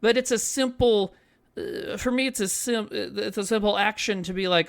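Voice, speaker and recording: A man's voice: high-pitched, moderate pace, gravelly. A man co-hosting a podcast in casual chat, earnest and profane, rambling with lots of fillers. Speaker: podcast co-host.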